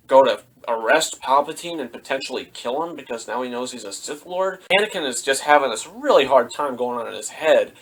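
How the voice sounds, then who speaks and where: A man giving a casual film review vlog at middling pitch, loose and chatty. He rambles from point to point, leaning on fillers as he goes. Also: breathy edge.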